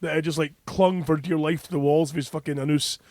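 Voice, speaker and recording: A man's voice: fairly high pitch, steady tone, fast, darkish tone. Crude, laughing storyteller man. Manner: profane, laughing, acts out quoted voices. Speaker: podcast co-host.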